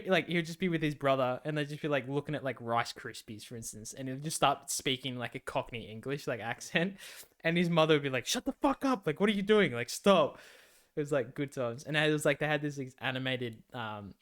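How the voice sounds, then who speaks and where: A man's voice: mid-range voice, a bit bright. A man, co-hosting a podcast in casual, laid-back chat, swearing freely. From Australia. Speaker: podcast co-host.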